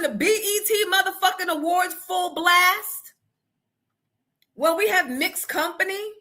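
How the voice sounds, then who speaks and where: A woman hosting a morning show, telling stories in a blunt, profane, animated way. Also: very high-pitched, unhurried. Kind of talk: casual opinion talk.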